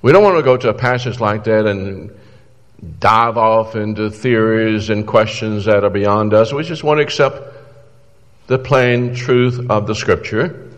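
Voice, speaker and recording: A man's voice: lowish voice, a little slow, long reverb tail, dull audio. A man preaching a sermon in an earnest, exhorting way, pleading with his listeners through questions.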